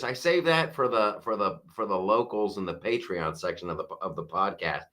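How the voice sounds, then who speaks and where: A middle-aged man hosting a live-stream podcast, talking in an animated, mocking way and laughing often. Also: medium pitch, normal speed, hardly any pauses. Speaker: podcast host. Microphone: wearing a strapped headset or mic.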